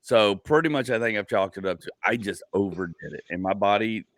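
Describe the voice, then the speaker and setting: This podcast host, a man in his forties, has a fairly low voice and speaks a little fast. On his laid-back comedy show he spins rambling tales loaded with "like," acting out little asides along the way.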